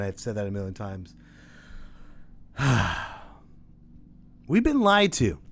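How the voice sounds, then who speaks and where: Animated, sarcastic man ranting. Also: fairly low pitch. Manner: animated, sarcastic, swearing freely. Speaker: podcast host. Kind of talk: casual ranting monologue.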